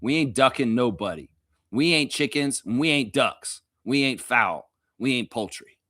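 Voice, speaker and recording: A man from Canada hosting a casual fan live stream, reading viewer comments aloud and reacting loudly, with a lot of swearing. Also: medium pitch, normal speed, no echo, studio quality. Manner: loud, animated, swears freely, reads viewer comments aloud.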